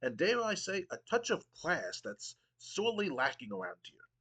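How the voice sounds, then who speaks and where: Guy putting on a smug snooty wrestling commissioner, pitched up high, lofty and sneering, talks down to everyone. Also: huge pitch swings, normal speed, pushed and bright, breathy edge, exaggerated voice. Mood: haughty. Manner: haughty, lofty, condescending speech. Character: pompous, smug male wrestling commissioner who sneers at crowds.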